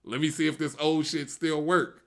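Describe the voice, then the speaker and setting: A man's voice: a little high, normal speed, creaky, a little hiss or hum. A man, a comedian, casually telling a story about his early stand-up days and laughing often. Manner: animated, laughs through his stories. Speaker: comedian co-host.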